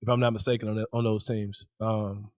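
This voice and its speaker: A man co-hosting a sports podcast in casual chat, slangy and quick to laugh. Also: on the low side, little pitch movement, darkish tone, no room sound, studio quality. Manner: slangy, laughs often, says bro. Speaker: podcast co-host.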